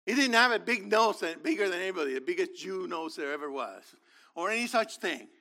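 A man's voice: sits high, lively intonation, a little fast, sharp tone. A man teaching from the Bible, reading verses aloud and explaining them with enthusiasm.

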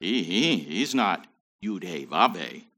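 A man's voice: sits low, very animated, slow pace, bright, forceful tone. A man teaching a Bible study in a conversational way, with joking asides.

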